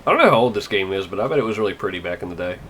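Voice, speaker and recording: A man's voice: sits low, expressive, very fast, pushed and bright, a little hiss or hum, poor audio. A young man giving casual, rambling gameplay commentary, wry and full of fillers and swearing. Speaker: let's play gamer. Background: faint game music.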